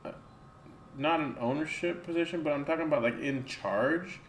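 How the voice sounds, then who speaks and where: A man hosting a stream, chatting casually in a relaxed way, swearing and using many fillers. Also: on the high side, normal speed. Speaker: streamer, host. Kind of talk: casual chat. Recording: echoey room, faint noise.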